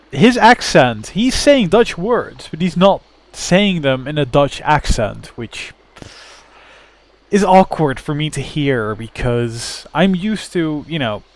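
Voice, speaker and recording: A man commentating on a game he plays, sounding baffled, sarcastic and rambling. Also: fairly high pitch. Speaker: gamer commentating. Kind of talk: let's play commentary.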